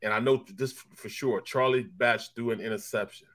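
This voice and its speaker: A man, a former pro football player, co-hosting a sports talk show and telling animated stories, laughing and repeating himself as he goes. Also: medium pitch, brisk. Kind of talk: casual storytelling chat.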